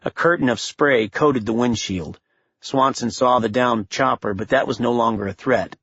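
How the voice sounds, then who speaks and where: A male narrator reading a thriller audiobook in a steady, measured way. His voice is husky and close, with a dry sound and no room echo. The recording is slightly dull. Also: medium pitch. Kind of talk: scripted narration.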